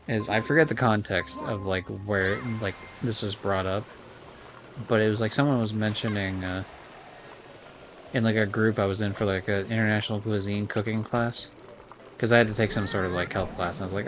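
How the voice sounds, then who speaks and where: A man's voice: lowish voice, fairly even intonation, fairly quick, slight background noise. A young man streaming a kart racing game, chatting casually in a rambling way, full of fillers and swearing. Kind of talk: casual gameplay commentary.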